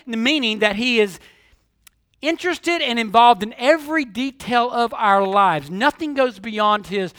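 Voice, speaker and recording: Pastor, male, very high bright voice, dry close sound, sermon delivery moving from hushed to emphatic. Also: animated, a little slow, dry recording. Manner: preaching with rhetorical questions, swinging from hushed to emphatic.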